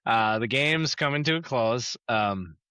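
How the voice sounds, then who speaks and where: A man with a bright, ringing voice talks on a podcast, his pitch bouncing all over as he retells scenes. He slips into quoted lines and laughs between them, recorded close and dry. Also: expressive, unhurried, smooth, dry recording, muffled recording. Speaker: podcast co-host. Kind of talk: casual episode recap chat.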